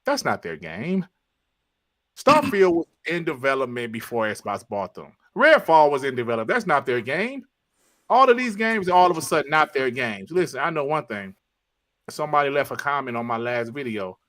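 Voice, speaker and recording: A man on a casual gaming podcast rants in a bright, forceful voice that swoops up and down. He keeps returning to short, punchy one-word verdicts, animated and insistent. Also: medium pitch, moderate pace. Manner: animated ranting with repeated punchlines. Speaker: podcast panelist.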